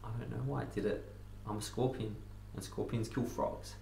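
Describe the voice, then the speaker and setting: A scheming desert scorpion, played by a man telling the fable begs with insistent urgency. His voice sits low, and the reverberant room rings around it. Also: fairly even intonation, quick pace, a little hiss or hum, natural voice. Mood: flat. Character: scheming male desert scorpion, pleading then cold. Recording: roomy echo.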